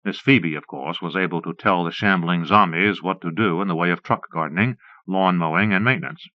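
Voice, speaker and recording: A man narrating an audiobook in a measured first-person storytelling manner, on a dull old cassette recording. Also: low-pitched, no echo.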